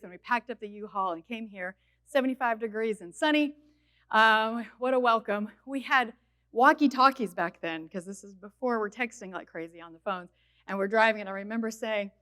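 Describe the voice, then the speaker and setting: A woman in her forties from Minnesota giving a personal testimony at a college chapel, telling her story in a lively, conversational way. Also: a little high. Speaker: chapel speaker.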